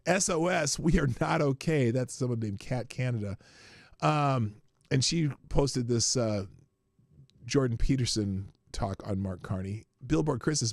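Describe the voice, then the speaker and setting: A man's voice: medium pitch, measured pace, gravelly, dry recording, clean studio sound. A man with a Minnesota accent hosting a livestream, reading news aloud with sarcastic asides. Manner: sarcastic, laughs at own jokes. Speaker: livestream host.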